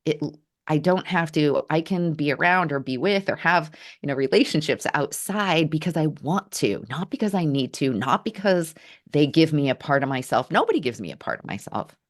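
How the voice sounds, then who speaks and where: Very low-voiced earnest woman storyteller. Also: animated. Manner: earnest, halting, with restarts. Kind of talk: reflective personal storytelling. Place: Portland area, Oregon.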